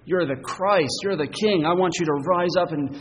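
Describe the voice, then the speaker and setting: A man's voice: high voice, moderate pace, long reverb tail, a little hiss or hum, pitched above the performer's own voice, natural voice, low-quality recording. A man preaching puts on the voice of a proud adult male disciple, protesting insistently. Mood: indignant.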